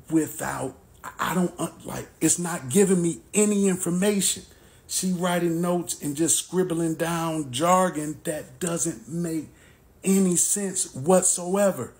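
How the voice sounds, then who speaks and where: Animated man telling a storytime. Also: on the high side. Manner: animated, acts out dialogue. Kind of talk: storytime narration.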